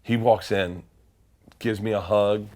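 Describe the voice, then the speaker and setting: A man's voice: fairly low pitch, fairly even intonation, slow, a little mellow. Man telling a profane, rambling story. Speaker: guest comedian. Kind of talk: animated storytelling interview.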